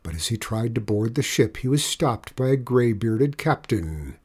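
A man narrating a children's storybook aloud in a gentle, measured way. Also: medium pitch, lively intonation, slightly rough. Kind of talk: storybook reading.

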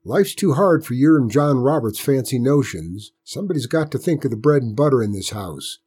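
A man's voice: mid-range voice, very animated, moderate pace, dark tone, slightly rough, voice pushed up. A man reading aloud and voicing a stern, practical farm woman in rural dialect. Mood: firm. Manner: firm, clipped country speech. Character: hard-pressed practical farm aunt, a woman.

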